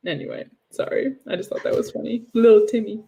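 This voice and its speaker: A woman's voice: on the high side, creaky, mellow. A young woman co-hosting a livestream, chatting casually and sarcastically about hockey with frequent laughs. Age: young adult. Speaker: podcast co-host.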